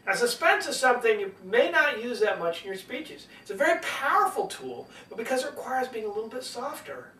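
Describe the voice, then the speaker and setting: A man coaching public speaking, swinging between loud and soft delivery to demonstrate, in an echoey room away from the mic. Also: extremely high pitch, very animated, a little fast, few pauses, distant mic, slight background noise. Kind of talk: teaching lesson.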